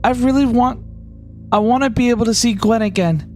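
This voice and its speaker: A small, frightened goblin begs in a thin, high voice, as a man puts him on. The voice sits far above a normal speaking register and shakes with worry. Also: brisk, darkish tone, faint music behind. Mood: pleading. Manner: pleading, high-pitched.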